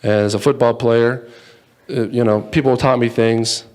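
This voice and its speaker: Brief: a man as speaker telling a joking story, lively and playful. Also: mid-range voice, a little slow. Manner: playful, acts out voices, jokes with the audience. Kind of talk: humorous storytelling talk. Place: in front of a live audience.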